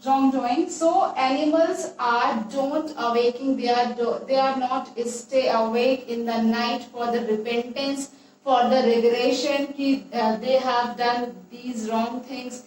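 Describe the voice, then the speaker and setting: A woman teacher, slowly explaining a poem to a class and repeating her points. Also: fairly high pitch, steady tone, a little mellow, slight background noise. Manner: slow, repetitive explaining with restarts. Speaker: English teacher. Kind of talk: classroom poetry lesson. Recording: echoey room, voice far from mic.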